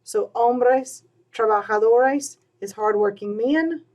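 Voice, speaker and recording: A woman's voice: a little high, a little mellow. Patient woman teaching Spanish. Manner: patient, repeats words slowly, fillers like all right and um. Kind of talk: recorded grammar lesson.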